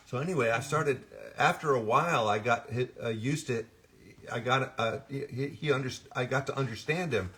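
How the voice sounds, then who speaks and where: At an autograph signing, an older voice actor tells rambling stories in casual conversation, constantly restarting and correcting his sentences. He has a mid-range, slightly bright voice at normal speed.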